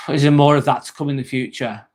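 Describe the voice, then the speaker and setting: A man's voice: mid-range voice, fairly even intonation, moderate pace. A man, chatting bluntly and casually with viewers on a livestream, full of "um" and "mate". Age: 40s. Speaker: livestream host and nurse.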